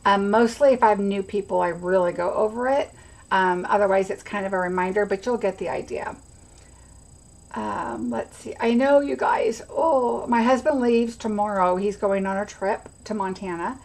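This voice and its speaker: A woman's voice: mid-range voice, normal speed, gravelly, darkish tone, low-quality recording. A middle-aged woman hosting a casual craft livestream, rambling chattily and greeting viewers by name. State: has the hiccups.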